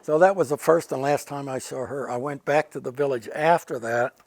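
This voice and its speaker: A man's voice: medium pitch, brisk, a little mellow, dry recording. An older man, a retired Air Force general, telling earnest stories in an interview and repeating words for emphasis. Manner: earnest anecdotes with emphatic repetition. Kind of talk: casual storytelling interview.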